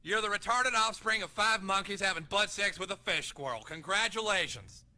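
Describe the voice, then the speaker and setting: A man voicing a crude, foul-mouthed cartoon schoolteacher who delivers a slow, mocking insult rant. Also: high voice, lively intonation, sharp tone, exaggerated voice. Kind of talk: cartoon voice acting.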